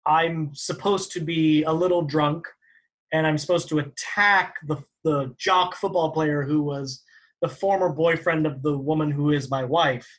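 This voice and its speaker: A man, a stage actor, telling a theater story in casual chat with lively reactions and laughter. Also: a little high, unhurried. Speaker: podcast co-host and stage actor.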